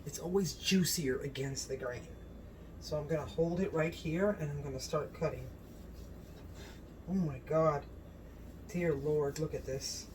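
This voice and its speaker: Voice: medium pitch, a little slow, long pauses, a little mellow, slight background noise. A home cooking channel host talking to the camera in a casual vlog, gushing and exclaiming often about the food.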